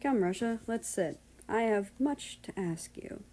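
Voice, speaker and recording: A woman voicing a calm, dry-mannered gentleman noble in a storybook reading. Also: medium pitch, unhurried, voice pushed up.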